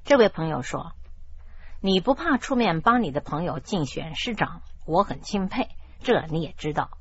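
A woman hosting a radio language lesson who explains idioms in a measured, explanatory way. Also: on the low side, animated. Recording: dull lo-fi radio broadcast.

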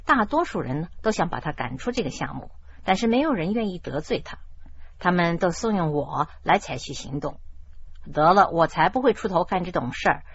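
A woman hosting a radio language lesson who explains idioms in a measured, explanatory way. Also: on the low side, expressive, breathy edge. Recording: dull lo-fi radio broadcast.

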